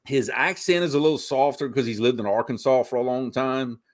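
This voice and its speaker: A man's voice: medium pitch, a little fast. Cajun-accented man telling stories. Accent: south Louisiana Cajun. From Louisiana. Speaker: co-host. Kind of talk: casual chat.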